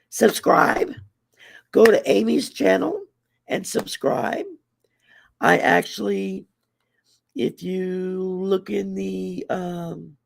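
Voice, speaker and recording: A Southern woman with a mix of Texas drawl and Cajun in her speech, hosting a relaxed livestream chat. Her voice is rough and gravelly with a husky edge, and it leaps around in a high, lively range. She keeps things folksy and chatty. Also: no room sound. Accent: Southern US Gulf Coast, Texas drawl and Cajun blend. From Louisiana, US Gulf Coast. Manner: chatty, laughs often, folksy. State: teary-eyed from allergies. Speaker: livestream host.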